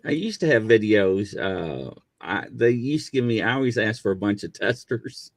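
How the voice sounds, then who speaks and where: A middle-aged man and former police officer telling stories in a casual chat, acting out quotes in high voices. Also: moderate pace, no room sound. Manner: animated storyteller, acts out quotes in high voices.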